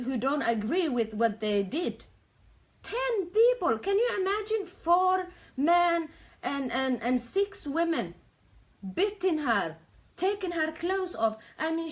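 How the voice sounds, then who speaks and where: High-voiced, impassioned woman. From Somalia. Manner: pleading, earnest, repeats herself, non-native grammar. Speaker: live-stream commentator. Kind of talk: impassioned live-stream commentary.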